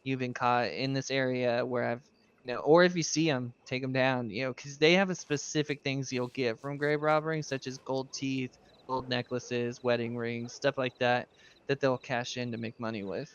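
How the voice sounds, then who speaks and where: A man's voice: medium pitch, fairly even intonation, moderate pace, clear, resonant tone, dull audio. A man in a casual roleplay chat, training a new recruit as sheriff, rambling through stories, laughing often and swearing casually. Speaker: streamer playing a sheriff.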